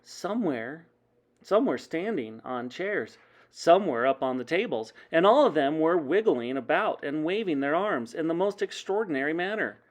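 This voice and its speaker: A man reading a children's book aloud in a dramatic, animated way, like a teacher at story time. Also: on the high side, moderate pace.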